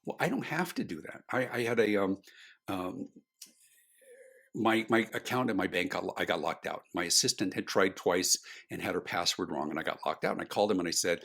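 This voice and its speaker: A man telling stories as a guest on a podcast, animated and emphatic. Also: deep voice, a little fast, creaky. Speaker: customer experience speaker, guest. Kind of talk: storytelling podcast interview.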